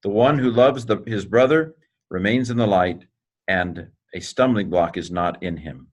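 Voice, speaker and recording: Male teacher, lowish voice, folksy and joking, walks through grammar step by step. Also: unhurried, a bit bright. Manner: folksy, joking, clears throat often. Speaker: Greek teacher. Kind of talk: informal recorded lesson.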